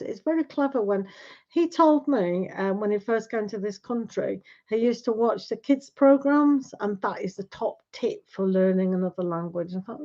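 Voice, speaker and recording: Chatty woman host, slightly high voice, rambling casual talk, dull livestream sound. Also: a little mellow. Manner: chatty, rambling, tag questions. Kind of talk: casual chat with live viewers.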